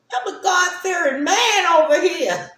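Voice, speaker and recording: Slow, rambling woman in an echoey room. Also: very high-pitched, expressive, fairly bright tone. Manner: rambling, keeps asking "right?". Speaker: spiritual talk streamer. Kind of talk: casual spiritual monologue.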